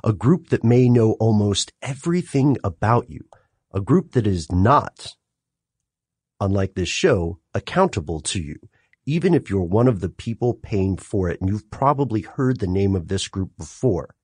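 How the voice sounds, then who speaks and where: Guy cohosting a chat podcast, kinda husky, lots of laughing and emphasis, dry mic. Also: on the low side, normal speed, no echo. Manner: animated, laughs often, emphatic repetitions. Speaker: podcast co-host.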